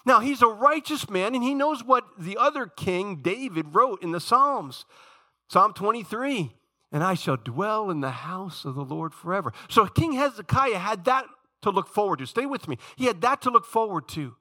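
A middle-aged male pastor preaching a sermon, swinging between loud rising questions and quiet, low asides to the congregation. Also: animated, normal speed. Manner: preaching with dramatic rises and soft drops, questioning the congregation.

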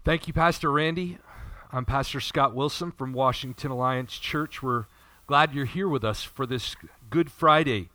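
Bright-voiced man welcoming a congregation. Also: mid-range voice, moderate pace, few pauses, dry recording. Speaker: pastor. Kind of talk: service welcome.

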